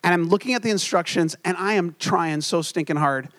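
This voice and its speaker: A man's voice: sits high, a little fast, fairly bright tone. A young adult man preaching a sermon as pastor, telling stories in an earnest, self-deprecating way.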